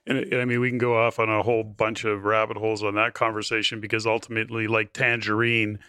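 A man's voice: on the low side, flat delivery, fast, bright, forceful tone, clear, resonant tone, dry recording, clean studio sound. A man hosting a podcast interview, chatting casually and laughing readily. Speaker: podcast host.

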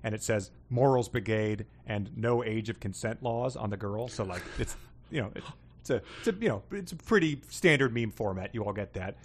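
A man's voice: lowish voice, animated, brisk. A man hosting a podcast, casually and wryly reading out listener emails and submissions, with plenty of fillers. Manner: wry, amused, with frequent fillers. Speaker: podcast host.

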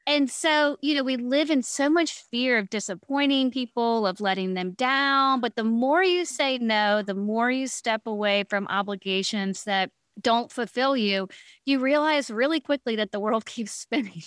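A woman's voice: on the high side, normal speed, clean tone, no room sound, clean studio sound. A woman giving blunt, candid advice in a podcast conversation, acting out other people's voices as she talks. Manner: animated, acts out voices of others.

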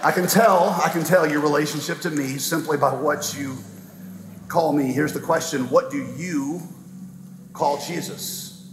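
A man preaching a sermon as pastor, earnest, with slow dramatic emphasis and touches of light humor. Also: fairly high pitch, fairly even intonation, noisy background. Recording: reverberant hall with faint music.

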